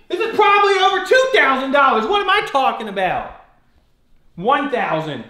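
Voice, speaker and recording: Yelling exasperated man, high and echoey. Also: big pitch swings, normal speed. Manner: yelling angrily with exasperated laughs. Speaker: vlog host. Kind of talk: heated prank vlog argument. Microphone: handheld camera. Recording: echoey room.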